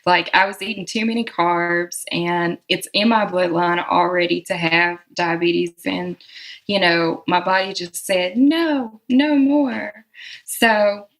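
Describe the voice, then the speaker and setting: A woman with a Southern American accent, speaking as a guest in a relaxed, reflective interview and laughing often. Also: on the low side, a little slow, rough recording. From Southern United States. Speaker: guest musician.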